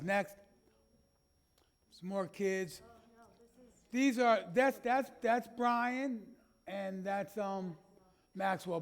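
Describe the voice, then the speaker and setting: A pastor speaks to his church as he clicks through trip photos. His voice is high for a man and carries a gravelly rasp. He punches key words with emphatic, folksy energy. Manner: animated and emphatic, folksy asides. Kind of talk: slideshow talk to a congregation.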